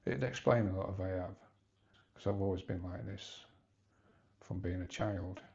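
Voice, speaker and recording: Gravelly-voiced man, halting and hesitant. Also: low-pitched, darkish tone, muffled recording. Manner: hesitant, halting, rambling with restarts. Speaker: vlogger. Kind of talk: personal confessional vlog.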